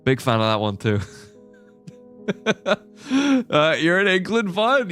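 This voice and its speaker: Slow-talking young man streaming a game. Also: a little high, sing-song, fairly bright tone, soft background music. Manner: rambling, thinking aloud with fillers. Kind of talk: casual live-stream chat.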